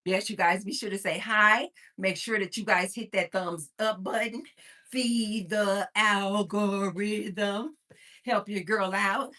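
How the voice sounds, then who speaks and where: A livestream host from Missouri, USA, talks at normal speed with hardly any pauses, her mid-range voice pushed and bright and her intonation fairly even. She keeps things casual, reading viewer comments aloud, laughing often and sounding a little breathless as she moves.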